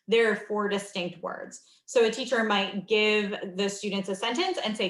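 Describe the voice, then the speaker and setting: A woman's voice: mid-range voice, moderate pace, hardly any pauses, fairly bright tone, roomy sound. A young adult woman giving a webinar talk to teachers, explaining with many ums and modeling classroom prompts. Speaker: reading instruction presenter. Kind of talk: webinar training presentation.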